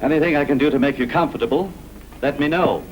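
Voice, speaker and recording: A man's voice: fairly high pitch, fast, close to an everyday voice, low-quality recording. A polite ship's captain, played by a man, speaks in a formal, courteous manner. His voice sits in a middle register with a faint hiss behind it, in a 1930s film comedy.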